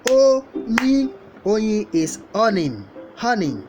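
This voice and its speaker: A woman teaching a language lesson, repeating each word slowly as she goes. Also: on the low side, big pitch swings. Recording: guitar music playing behind the voice.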